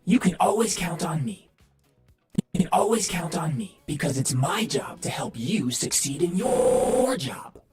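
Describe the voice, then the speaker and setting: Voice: mid-range voice, big pitch swings, a little slow, darkish tone, echoey room, recorded from a distance. Helpy is a chirpy little robot mascot from a game. It repeats its upbeat catchphrases in a bouncy, sing-song voice. Faint music plays under it. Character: cheerful small robot mascot helper.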